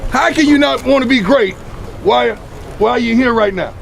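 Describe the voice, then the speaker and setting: High, gravelly man rallying his team. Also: normal speed, a faint crowd, slight background noise. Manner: emphatic, repeats rallying phrases. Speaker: college football head coach. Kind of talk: motivational coaching talk.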